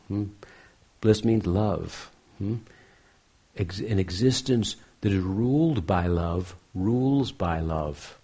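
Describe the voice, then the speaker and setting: A man giving a spiritual lecture on scripture in a reflective, unhurried manner, often pausing to ask his listeners "hmm?". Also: low voice, warm tone, breathy edge. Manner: reflective, frequent questioning "hmm?" asides. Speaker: spiritual teacher.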